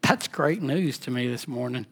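A man preaching a sermon as pastor, impassioned, swinging between loud emphatic peaks and soft hushed lines. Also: mid-range voice, moderate pace.

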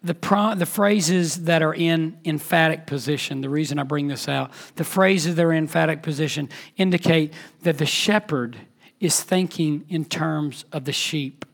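High, gravelly-voiced preaching man. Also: normal speed. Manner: impassioned, swings between loud emphatic peaks and soft hushed lines. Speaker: pastor. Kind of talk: sermon.

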